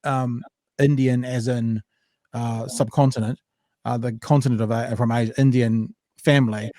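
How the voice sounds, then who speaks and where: A man co-hosting a casual podcast chat, animated and full of restarts and asides. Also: medium pitch, normal speed, no echo, studio quality. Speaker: podcast co-host.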